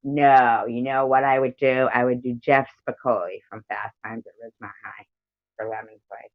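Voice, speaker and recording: A woman's voice: very deep voice, steady tone, moderate pace, no echo. An American woman hosting a casual livestream, rambling and giggly as she reads out viewer comments. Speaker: livestream host. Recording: dull lo-fi stream audio.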